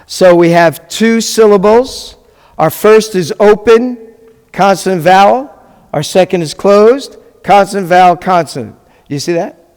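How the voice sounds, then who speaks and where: A man's voice: high voice, measured pace, darkish tone. Man, rabbi teaching a class, casual, patient, asks students questions, echoing classroom. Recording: long hall reverb.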